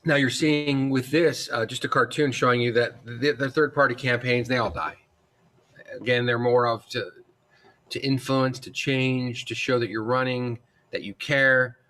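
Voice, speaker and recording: A male instructor giving a recorded lecture in a casual, conversational way, often calling the students "guys" and pausing with fillers and restarts. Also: mid-range voice, steady tone, pushed and bright.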